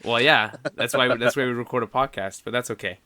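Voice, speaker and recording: A man's voice: medium pitch, brisk, pushed and bright, a little hiss or hum. A man co-hosting a podcast in casual chat, rambling, laughing often and trailing off mid-sentence. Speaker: podcast co-host.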